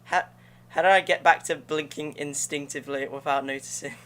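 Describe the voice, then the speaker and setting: Bright, slangy young gaming streamer. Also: mid-range voice, fairly even intonation, fairly quick. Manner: slangy, chatty, talks to viewers between attempts. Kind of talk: casual live-stream commentary while playing.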